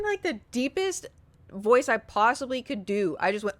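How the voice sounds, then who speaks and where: A young woman on stream relates a story to her chat, lively and giggly with casual cursing. Her voice is on the high side at normal speed, with no echo in the recording.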